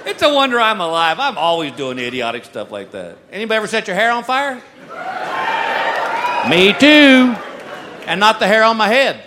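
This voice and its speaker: High-voiced comic before a big crowd. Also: male voice, very animated, moderate pace, pauses often. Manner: self-mocking storyteller, laughing at his own jokes. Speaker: stand-up comedian. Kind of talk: stand-up comedy routine. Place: large venue with a live audience. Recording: live crowd noise, loud ambience.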